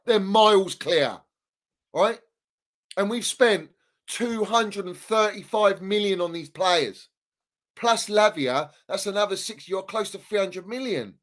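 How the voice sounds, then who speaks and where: Fired-up man ranting with a high voice. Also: a bit bright. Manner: heated ranting, swears freely, repeats himself for emphasis. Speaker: Chelsea fan guest. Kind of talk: casual podcast debate.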